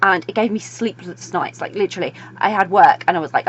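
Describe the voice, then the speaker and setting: A young woman giving an excited book review, gushing and breathless, tumbling through her words with lots of fillers. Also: fairly low pitch, a little hiss or hum. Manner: gushing, breathless, fast-talking with many fillers. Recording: dull lo-fi recording.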